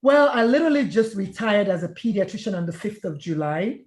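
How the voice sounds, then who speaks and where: A middle-aged life coach who used to be a pediatrician speaks briskly and with animation in a mid-range, slightly mellow voice during an interview. She looks back reflectively and earnestly, acting out old conversations as dialogue in an echoey room.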